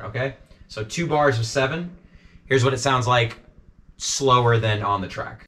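A man's voice: medium pitch, heavy background noise. Casual male drum teacher. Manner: casual, checks in with frequent "okay?"; counts beats and sticking slowly aloud. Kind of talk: instructional walkthrough.

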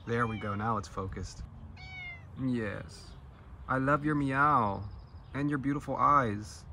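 A man's voice: mid-range voice, takes it slowly, sharp tone, a little hiss or hum. A man hosting a casual walking vlog outdoors in a neighborhood, talking affectionately to cats. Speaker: vlog host.

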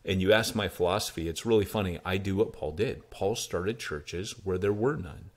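A low-voiced American man speaks at normal speed. He's a pastor and church planter telling stories in a casual interview, animatedly acting out the dialogue he quotes.

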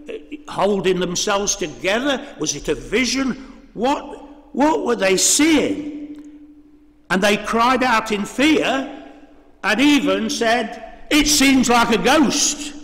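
A man preaching a sermon in a church, measured and full of rhetorical questions. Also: high-pitched, fairly bright tone. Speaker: priest. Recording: reverberant church hall.

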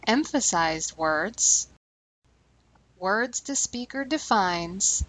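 Woman, language teacher, scripted lesson narration, clear and deliberate delivery, slows on key terms, mid-pitched voice. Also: lively intonation, a bit bright, dry recording, poor audio.

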